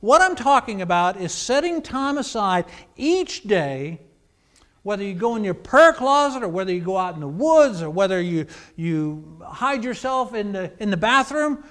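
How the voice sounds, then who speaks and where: A pastor delivers a sermon in a high, light male voice. He drops to near-hushed phrases, then rises to emphatic, forceful passages. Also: sing-song, normal speed. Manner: preaching with swings between hushed and emphatic.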